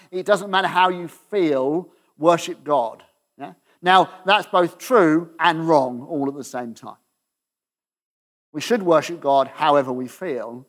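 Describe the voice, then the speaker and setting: A man preaching a conversational sermon, often checking in with the congregation and letting his voice drop softly at the ends of phrases. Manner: conversational, asks the audience questions with tag "okay?"; drops to a soft low voice at the ends of phrases.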